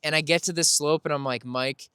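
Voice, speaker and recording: Chatty man telling a story, smooth voice. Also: a little high, steady tone, fast talker, pushed and bright, no room sound, studio quality. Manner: rambling, self-correcting, laughs while telling. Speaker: podcast host. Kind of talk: casual storytelling recap.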